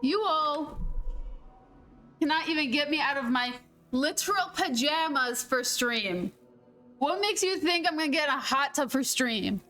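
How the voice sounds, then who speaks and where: Brief: chatty woman game streamer, playful and giggly, high voice. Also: animated, measured pace, sharp tone, soft background music. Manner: chatty, laughs often, playful mild cursing. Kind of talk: casual gameplay chat.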